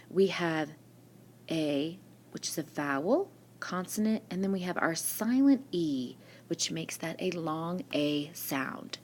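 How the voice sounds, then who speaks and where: A woman teacher works through a spelling lesson at a slow, patient pace, asking her class questions and then answering them herself. Her voice sits a little low, but it rises and falls a lot as she explains each word. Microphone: screen-recording mic.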